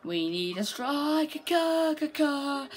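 A woman chatting through her own football video game match, talking tactics under her breath and bursting into shouts at near misses and goals. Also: high voice, big pitch swings, slow pace. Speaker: gaming video creator.

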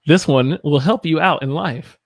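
A man's voice: on the high side, moderate pace. Playful American man teaching on a livestream. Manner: playful, jokey, laughs often; reads viewer comments aloud. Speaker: English teacher. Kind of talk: casual livestream lesson. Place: home room.

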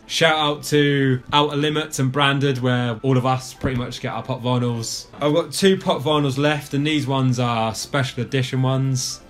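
Chatty young man, swearing freely. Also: medium pitch. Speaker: guest showing his collection. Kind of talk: casual show-and-tell chat.

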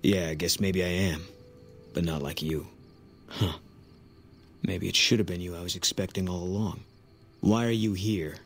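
An actor playing a grim, bitter soldier who talks in a curt, guarded way, in a video game. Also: male voice, deep voice, fairly even intonation, normal speed, long pauses, a little hiss or hum. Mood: wary. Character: grim, bitter soldier sniper, grieving husband. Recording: game audio under music.

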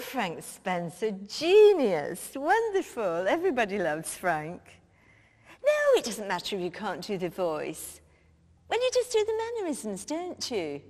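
A woman plays a brash, cheeky middle-aged cabinet minister making breezy phone calls, blunt and quick to swear. Her voice sits high and swoops widely, and she takes her time over the words. A long hall reverb trails behind her. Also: full character voice. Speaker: comedian. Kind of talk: comic phone-call sketch.

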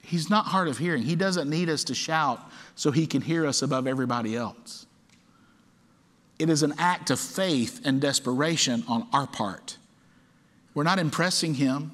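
A man's voice: on the high side, moderate pace, a bit bright. A man preaching a sermon as pastor, acting out quoted cries with dramatic force. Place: church sanctuary. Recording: long church hall reverb.

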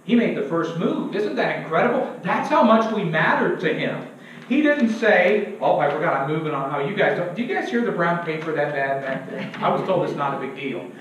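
A man's voice: high voice, expressive, normal speed, fairly bright tone, a little hiss or hum. A young male preacher giving an emphatic sermon in a church, asking the congregation to fill in words and joking at his own expense. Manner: self-deprecating humor. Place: church sanctuary. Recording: very echoey church, distant and dull.

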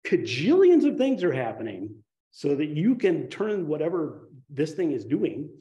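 A man giving a conversational dharma talk as a meditation teacher, telling stories with sudden excited rises. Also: fairly high pitch, measured pace.

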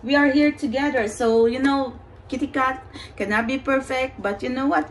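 A woman's voice: high voice, normal speed, low-quality recording. A woman giving a pick-a-card tarot reading in an earnest, reassuring way, often saying "you know" and "okay".

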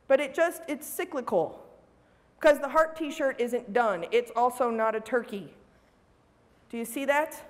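A woman giving a motivational talk to an audience in a large room, animated and often checking in with "right?". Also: high voice. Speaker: public speaker. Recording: reverberant hall.

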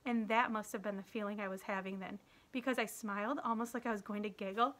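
A woman's voice: medium pitch, fairly even intonation, quick pace, fairly bright tone. Woman teacher reading a story aloud.

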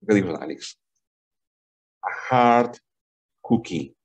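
An online language lesson led by a husky-sounding man who teaches English on a video call. He's patient, goes over things slowly and repetitively, and switches into Spanish while constantly checking "okay?" in a lively pitch.

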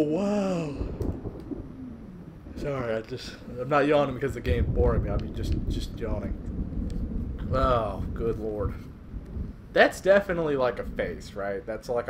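A young man doing casual let's-play commentary on a horror game, reacting excitably and swearing a lot. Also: mid-range voice, noisy background. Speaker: gaming video host.

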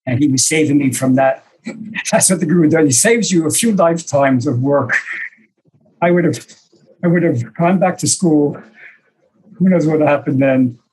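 A man's voice: fairly high pitch, moderate pace, pauses often, darkish tone, a little hiss or hum, rough recording. An older man, a senior disciple, telling reflective, self-deprecating stories to a small group over a video call, with hesitant fillers. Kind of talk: storytelling to a small online group.

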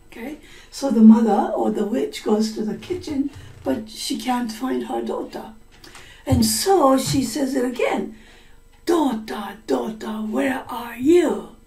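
A woman teacher with a slow, mellow, high-pitched voice tells a story in a slow story-listening lesson, explaining words deliberately and acting out voices in quotes. The room is echoey and she sounds far from the mic, a little off it.

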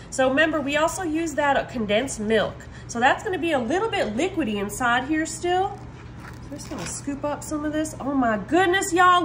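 High-voiced, excitable woman cooking at home. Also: slight background noise. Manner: excitable, keeps addressing viewers directly. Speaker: cooking video host. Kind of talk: casual recipe demonstration. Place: home kitchen.

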